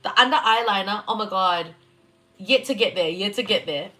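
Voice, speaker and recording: Hosting a live astrology reading, a young Kiwi woman talks at normal speed in a sharp, mid-range voice. The casual stream finds her giggling, swearing and answering viewer comments along the way.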